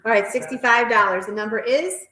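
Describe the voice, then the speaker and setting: A woman auctioneer calling bids at a live auction in a rapid, repetitive chant, with chatty asides about the pieces. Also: fairly high pitch, pushed and bright. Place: auction house hall. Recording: roomy echoey hall.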